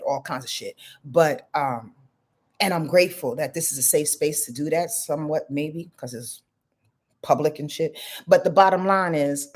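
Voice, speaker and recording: Husky-voiced woman, candid and swearing. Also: low voice, a little mellow. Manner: candid, blunt, swears freely, rambling. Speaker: astrologer. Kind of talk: casual confessional vlog monologue.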